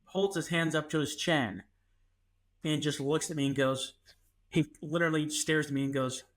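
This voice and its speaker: A man, co-hosting a podcast and telling a story in an animated way, acting out what people said. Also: on the high side, moderate pace. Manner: animated, acts out quotes, many restarts. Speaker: podcast co-host. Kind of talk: casual storytelling.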